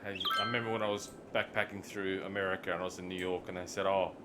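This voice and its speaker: A man's voice: low voice, fast, over loud music. A man with an Australian accent, chatting casually while streaming a city-building game and drifting into rambling stories full of slang. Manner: relaxed, rambling storyteller with slang. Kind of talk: casual live-stream commentary.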